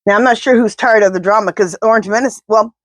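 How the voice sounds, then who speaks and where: A woman's voice: medium pitch, fast, no room sound. Blunt woman doing a tarot reading. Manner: talks to her spirit guides and pendulum, blunt and indignant. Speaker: tarot reader. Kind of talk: casual tarot reading monologue.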